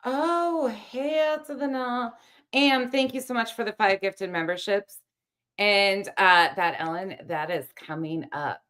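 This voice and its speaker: A woman's voice: medium pitch, lively intonation, measured pace, fairly bright tone. A woman co-hosting a livestream, reacting with sassy quips and thanking viewers. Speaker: livestream co-host. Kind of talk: casual livestream chat.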